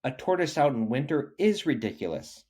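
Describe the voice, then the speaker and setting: Man doing a little girl tortoise, stubborn, higher-pitched, lively storybook voice. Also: normal speed, breathy edge. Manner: pleading then cross, higher voice. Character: small stubborn young female tortoise.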